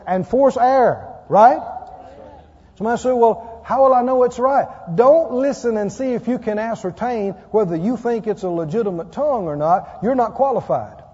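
A man's voice: sits high, mellow, husky. A man preaching a sermon and leading an altar call, emphatic and pleading in a repetitive preaching cadence. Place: church sanctuary. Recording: dull echoey church recording.

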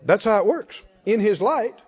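Man preaching, folksy, calls out to the crowd, high voice, muffled hall sound. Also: expressive, normal speed, a little mellow, breathy edge. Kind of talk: sermon. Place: church hall.

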